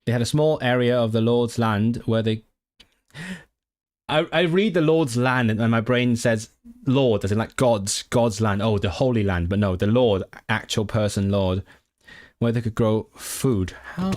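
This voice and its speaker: A man's voice: mid-range voice, a little slow, a little mellow. A man on a casual livestream, thinking aloud as he studies and sounds out and repeats new words. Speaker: language-learning streamer. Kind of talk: casual livestream study session.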